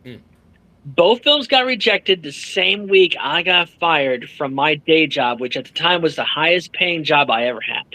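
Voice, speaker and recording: A man being interviewed as an author, telling a story with lively energy, swearing freely and acting out what others said. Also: a little high, unhurried, low-quality recording. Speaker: author guest. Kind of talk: animated storytelling in casual chat.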